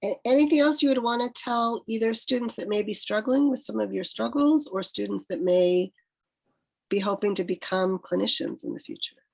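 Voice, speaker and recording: A woman's voice: medium pitch, moderate pace, gravelly, a little mellow, rough recording. A woman professor moderating a talk over a video call, asking courteous and supportive interview questions.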